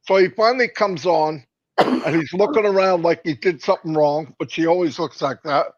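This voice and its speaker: A man's voice: fairly high pitch, moderate pace. A man co-hosting a casual live stream, rambling and joking with many fillers and restarts. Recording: dull lo-fi stream audio.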